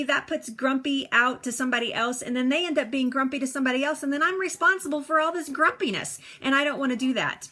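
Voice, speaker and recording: A woman's voice: high-pitched, brisk, bright, forceful tone. A woman coaching viewers on a live stream, upbeat and chatty, laughing often as she reads comments aloud.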